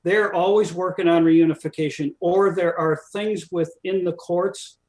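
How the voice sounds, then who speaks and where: A man's voice: high-pitched, fairly even intonation, a little slow, a little mellow. A man guesting on a live stream, chatting casually and agreeing emphatically. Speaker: guest, former foster parent association president.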